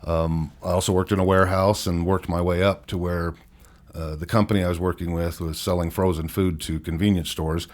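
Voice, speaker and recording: A man's voice: low voice, little pitch movement, fairly quick. A man in his fifties, a podcast guest, candidly telling his life story in a rambling way and laughing at himself. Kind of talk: personal storytelling interview.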